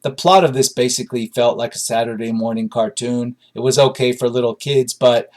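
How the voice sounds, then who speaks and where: Guy rambling thru a movie review, dry, lots of ums, mid-pitched voice. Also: steady tone, a little fast. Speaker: film reviewer. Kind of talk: casual spoken review.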